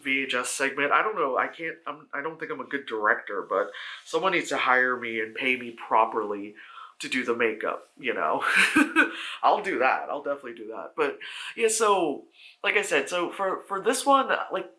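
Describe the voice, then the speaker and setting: A man giving a casual spoken film review, rambling with lots of "like" fillers and swearing, and acting out characters in sudden high shouts. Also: animated, normal speed.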